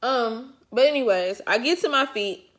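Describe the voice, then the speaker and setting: A woman's voice: on the high side, lively intonation, normal speed. A woman vlogger telling a personal story to her viewers in casual, colloquial chat, chuckling often as she talks. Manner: talks straight to the audience.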